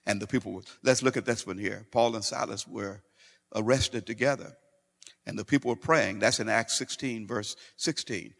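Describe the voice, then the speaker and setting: A man's voice: fairly low pitch, moderate pace, creaky, fairly bright tone, long reverb tail. A man preaching a sermon. He reads scripture aloud and explains it, building to fervent preaching.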